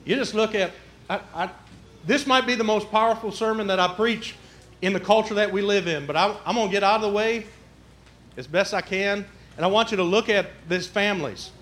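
A man's voice: sits high, a little fast, fairly bright tone. A man preaching a sermon, folksy and conversational, with a church's roomy echo. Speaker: pastor. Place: church sanctuary.

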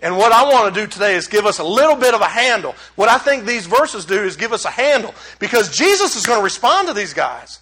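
Brief: man, middle-aged pastor, lively humorous sermon delivery, high bright voice. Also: fast talker, hardly any pauses. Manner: animated, conversational preaching with humor. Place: church sanctuary.

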